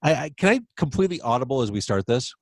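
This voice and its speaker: A man's voice: medium pitch, big pitch swings, quick pace, no room sound. Chatty male podcast host, dry sound. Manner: chatty, self-deprecating, rambling with fillers. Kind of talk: casual interview chat. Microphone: video call from home.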